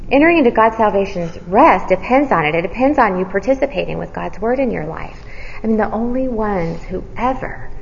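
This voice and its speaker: A woman preaching a sermon. She asks the listeners questions and answers them herself, and she sometimes drops to a hushed near-whisper for emphasis. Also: lowish voice, gravelly, a little hiss or hum. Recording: dull audio with long hall reverb.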